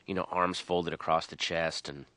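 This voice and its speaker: A man in his thirties, a stand-up comedian, rambling and animated as he tells stories in a radio interview. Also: sits low, normal speed, no echo. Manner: rambling, animated storytelling with quoted voices.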